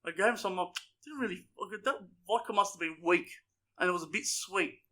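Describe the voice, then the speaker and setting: Bright-voiced young man telling rowdy stories. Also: high voice, a little fast. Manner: swearing, rowdy, laughing storyteller. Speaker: podcast co-host. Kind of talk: casual storytelling chat.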